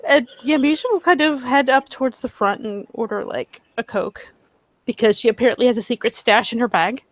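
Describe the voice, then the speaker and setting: A woman's voice: a little high, a little fast, dry recording. A woman narrating her character in a tabletop role-play session, chatty and giggly.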